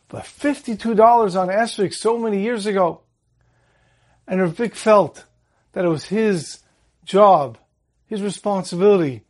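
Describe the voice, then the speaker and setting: High-voiced man giving a Torah talk. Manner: calm storytelling, slows on Hebrew verses. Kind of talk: holiday Torah talk with a story.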